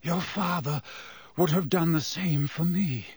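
A man voicing a gaunt escaped male prisoner with a hoarse, croaking voice, slow and menacing. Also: a little high, darkish tone, no room sound.

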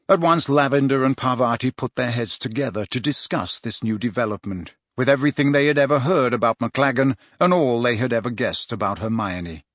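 A man reading a novel aloud as narrator, in measured, expressive storytelling. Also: medium pitch, dry recording, clean studio sound. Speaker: audiobook narrator. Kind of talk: scripted narration.

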